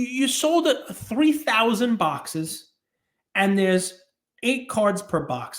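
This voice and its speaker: Animated ranting man in an echoey room. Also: high-pitched. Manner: animated, ranting, breaks into laughter. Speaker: podcast host. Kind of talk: casual hobby podcast talk. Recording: roomy echo.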